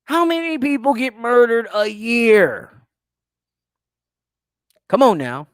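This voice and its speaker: A man's voice: extremely high pitch, slow, no room sound, clean studio sound. A man hosting a livestream talk show, ranting casually and profanely while answering viewer comments. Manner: profane, animated rant.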